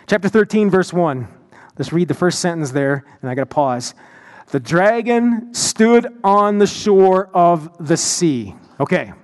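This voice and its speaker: High-voiced male preacher in a reverberant hall. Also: darkish tone. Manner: storytelling with many restarts and repeated words. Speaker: pastor. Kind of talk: sermon.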